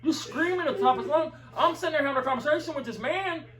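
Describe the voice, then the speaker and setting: A man with a high voice tells a heated, profane story in casual chat. He sits some way back from the mic. The room echoes around him. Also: racing, fairly bright tone, distant mic. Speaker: video commentator.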